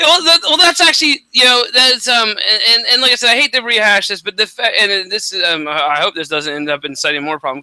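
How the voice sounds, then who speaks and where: Male co-host, fairly high and very bright voice, dry close sound, halting chat full of restarts. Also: clean tone, no room sound, low-quality recording. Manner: halting, many restarts and fillers. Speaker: podcast co-host. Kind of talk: casual chat.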